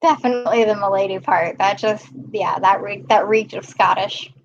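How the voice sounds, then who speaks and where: A woman's voice: medium pitch, moderate pace, dull audio. A woman hosting a casual live stream, chatting and greeting viewers by name. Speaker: live-stream host filling in.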